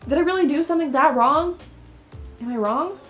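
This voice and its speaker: Woman reading a tearful insecure young heroine from a story game, higher pitched, pleading. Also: brisk, faint music behind, lightly acted.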